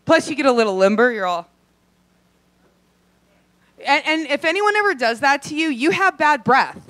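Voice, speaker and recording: A young adult woman performing a brash, profane stand-up set, acting out quick voices in her asides. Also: high-pitched, lively intonation, fairly bright tone, no room sound. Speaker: stand-up comedian. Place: comedy club stage.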